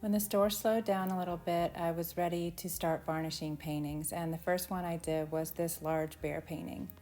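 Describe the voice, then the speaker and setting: A woman, an artist and shop owner, narrating her vlog in a calm, matter-of-fact voice-over. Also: fairly low pitch, normal speed. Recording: voice-over with faint background music.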